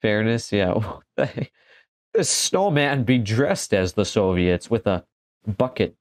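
A man's voice: on the low side, no room sound. A man giving casual let's-play commentary, joking and exclaiming as he talks back to the game. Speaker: gaming commentator.

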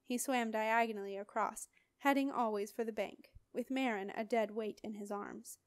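A woman reading a fantasy novel aloud as an audiobook in an expressive, dramatic storytelling voice. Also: a little high, normal speed, no echo, clean studio sound. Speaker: audiobook reader. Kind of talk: audiobook narration.

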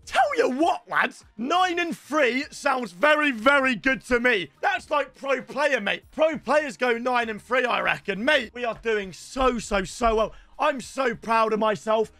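High bright-voiced guy streaming, hyped one sec and groaning the next. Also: a little slow, hardly any pauses, no room sound, soft background music. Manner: excitable, swings between hype and groaning. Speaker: gaming streamer. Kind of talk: live gameplay commentary.

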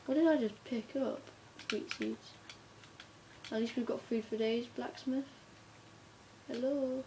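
A woman gives unhurried, relaxed commentary on her game, her voice pitched a little high and warm in tone. She chats to herself and the viewer, bursting into sudden excitement at her finds. Faint noise sits behind her on the recording. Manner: chatty, talks to herself while playing, bursts of excitement. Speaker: gamer narrating her play. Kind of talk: casual gameplay commentary.

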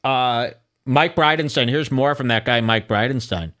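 A man's voice: mid-range voice, normal speed, fairly bright tone. A man hosting a solo podcast, delivering incredulous, ranting commentary and reading social media posts aloud. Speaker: podcast host.

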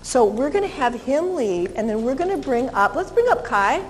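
A woman's voice: high voice, very animated, moderate pace, in a large hall, a little hiss or hum, rough recording. A woman dog trainer teaching a live seminar, cheerful as she demonstrates with a dog and coos to it sweetly.

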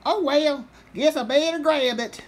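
A woman voicing a bumbling hillbilly farmer out hunting turkey for a puppet show comedy, full of folksy rural slang and loud hollers. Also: high-pitched, a little slow. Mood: boastful.

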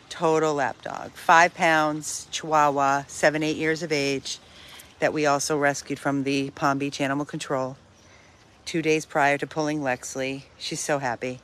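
A middle-aged woman talks about her rescue dogs at an unhurried, leisurely pace. She chats casually and often drifts off mid-sentence, filmed on a handheld phone in an outdoor backyard. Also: low-pitched. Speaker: dog rescue volunteer. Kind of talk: casual vlog chat.

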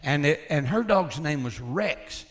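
A man's voice: a little high, a little slow. Folksy older man telling tales. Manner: folksy, chuckling, animated. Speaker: former pastor and builder. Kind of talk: casual storytelling.

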